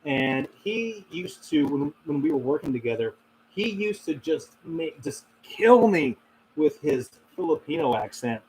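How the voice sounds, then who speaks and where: On a rough recording with slight hiss or hum, this paranormal channel host chats loosely with his live-stream audience, reading and replying to messages amid many fillers and laughs. He sounds a little high and a little mellow, speaking slightly slowly but very animatedly.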